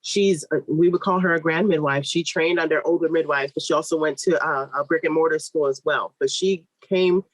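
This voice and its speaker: A woman's voice: no room sound, rough recording. A woman, a midwife, telling her own birth story in a podcast conversation, acting out what people said with big jumps in voice and running her sentences together. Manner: animated, acts out quoted voices with big pitch jumps; fast, run-on telling with restarts. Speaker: guest, midwife.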